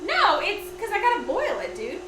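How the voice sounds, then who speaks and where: A woman with a high, lively voice cooks on a home live stream and trades slangy, playful banter. She is well away from the mic, so the kitchen sounds echoey and noisy behind her. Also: normal speed. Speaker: co-host, cooking. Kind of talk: casual live-stream chat. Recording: echoey room, mic far off, background noise.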